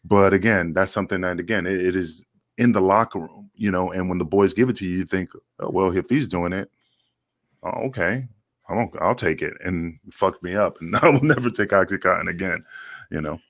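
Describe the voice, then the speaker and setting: A man's voice: sits low, brisk, a bit bright, no room sound. A man, a former pro wrestler, telling locker-room stories in a loose, profane way with many fillers and restarts. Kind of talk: casual storytelling.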